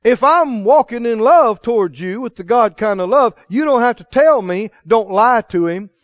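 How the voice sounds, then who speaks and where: A man with a very high voice preaches a sermon, asking his listeners questions and drilling answers back to them. The sound is dry and a little muffled. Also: lively intonation, moderate pace, no echo. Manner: preaching with call-and-response questions to the congregation. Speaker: pastor.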